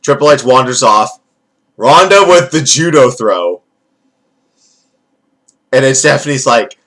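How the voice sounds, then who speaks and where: A man's voice: medium pitch, expressive, a little slow, long pauses, a bit bright. Guy rambling thru a wrestling show recap, swearing a lot, jokey, just chatting. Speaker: wrestling event reviewer. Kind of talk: casual commentary review.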